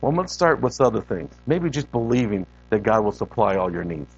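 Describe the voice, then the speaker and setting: A man preaching a sermon as a guest preacher in a church, animated and conversational, repeating words for emphasis and talking straight to the congregation. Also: on the low side, a little fast, creaky, dull audio.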